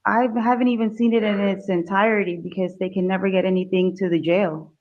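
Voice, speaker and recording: A woman's voice: medium pitch, fairly even intonation, brisk. A woman testifying in court, answering politely but defensively. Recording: dull courtroom audio.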